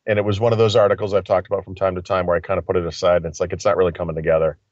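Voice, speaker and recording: A very deep-voiced man rambles through a casual tech chat, stopping and restarting his thoughts. He calls in over a phone, so the sound is dull and lo-fi, with a dry, close feel. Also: level tone, rapid-fire, a little mellow, no room sound. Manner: rambling, thinking aloud with many fillers. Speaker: tech commentator. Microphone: phone line.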